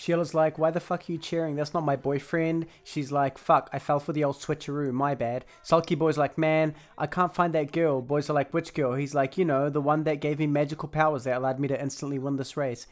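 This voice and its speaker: A man's voice: fairly high pitch, steady tone, a little fast, hardly any pauses. A young man giving a sarcastic, crude commentary over a film he is mocking. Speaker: movie reviewer.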